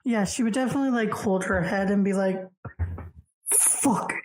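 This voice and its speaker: A woman speaking as a player in a tabletop game, hesitant and halting. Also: mid-range voice, a little mellow. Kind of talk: casual tabletop play.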